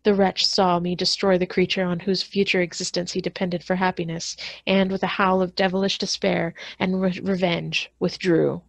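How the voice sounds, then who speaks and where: A woman librarian reading a classic novel aloud in a steady manner, occasionally restarting on hard words. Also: lowish voice, normal speed, gravelly, few pauses, no echo. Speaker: school librarian.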